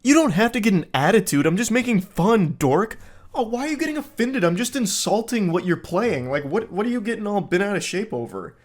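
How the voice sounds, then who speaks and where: A man's voice: a little high, lively intonation, measured pace. A man voicing an obnoxious, aggressive young man reading his own text messages in a sneering, mocking tone. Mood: belittling. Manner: sneering, mocking overblown delivery.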